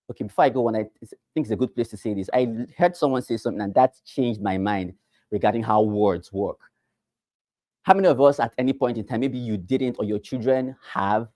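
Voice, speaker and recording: A man's voice: lowish voice, dark tone, no room sound. A Nigerian man teaching a class for realtors, repeating key phrases and quizzing the listeners with rhetorical questions. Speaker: real estate trainer.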